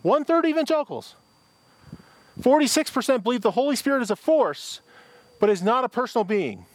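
A man's voice: very high-pitched, big pitch swings, fairly quick, dry recording. A middle-aged man from Michigan, preaching a sermon as pastor in a conversational, anecdotal way, often restarting his sentences.

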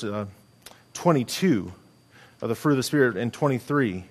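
A middle-aged man preaching a sermon as pastor, earnest and conversational, with frequent restarts. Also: medium pitch.

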